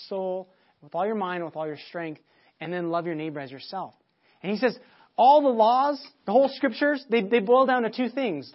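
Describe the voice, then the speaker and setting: A man preaching a sermon, telling a family story with many restarts and repeated words, and getting loud when he acts out shouting. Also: high-pitched, highs cut off. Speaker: pastor.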